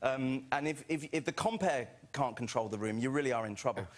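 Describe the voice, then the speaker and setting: A man, a comedian, telling a lively anecdote on a chat show sofa, acting out other people's voices and laughing. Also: mid-range voice, a little fast. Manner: animated storytelling, acts out other voices, laughs often. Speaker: comedian guest. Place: TV studio with audience.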